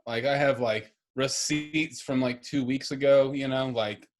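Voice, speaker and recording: A man's voice: mid-range voice, fairly even intonation, unhurried. A man co-hosting a podcast, talking casually and rambling with lots of restarts. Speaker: podcast co-host. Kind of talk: casual chat.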